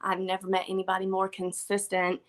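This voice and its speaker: A woman's voice: medium pitch, completely flat delivery, fairly quick. Young adult woman, guest speaker, earnest and choked-up delivery. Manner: earnest, repeats words, chokes up. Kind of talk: emotional tribute speech.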